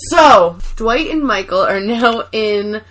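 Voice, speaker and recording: A woman chatting casually on a podcast, retelling a TV scene with lively quoted bursts and swearing. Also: slow pace. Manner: animated retelling, acting out quotes in loud high bursts, swears. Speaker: podcast co-host recapping a TV episode. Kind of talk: casual chat.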